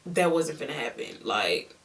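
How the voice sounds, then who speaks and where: A young woman telling a story on her vlog in a casual, animated, slangy way, repeating words for emphasis. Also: deep voice, moderate pace, creaky, far from the mic. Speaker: beauty vlogger.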